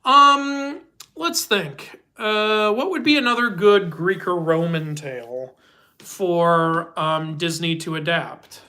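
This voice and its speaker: A man chats his way through a casual live-stream Q&A. His voice is bright and forward. He rambles through his answers and laughs often. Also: fairly high pitch, slow pace. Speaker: host.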